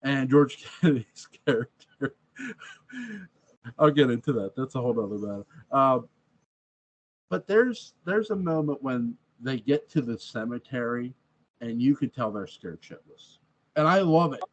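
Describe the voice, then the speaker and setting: A man's voice: medium pitch, lively intonation, measured pace, long pauses. Rambling man talking about a film. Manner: rambling, with frequent restarts and laughs. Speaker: movie reviewer. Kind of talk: casual film review chat. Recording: dull lo-fi sound.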